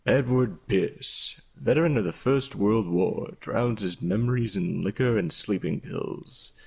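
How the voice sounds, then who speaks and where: A man putting on a gruff noir narrator. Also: on the low side, lo-fi sound, full character voice. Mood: brooding. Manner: goofy, exaggerated slow delivery. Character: gruff male noir narrator, New York-ish.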